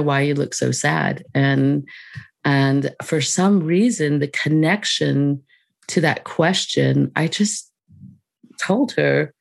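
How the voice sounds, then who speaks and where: A woman guest on a podcast, telling a personal story in a reflective, unhurried way with soft laughs. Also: sits low, vocal fry, dry recording.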